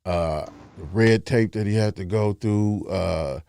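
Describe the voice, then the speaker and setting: A man's voice: lowish voice, slow, vocal fry, dark tone, clean tone. A man hosting a casual podcast, laid-back and slangy, joking his way through a technical hitch. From Cincinnati. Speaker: podcast host.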